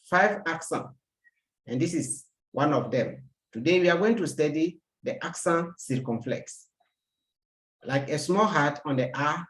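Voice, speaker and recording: A French teacher giving a recorded language lesson, slow and deliberate, repeating each example word. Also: medium pitch, roomy sound.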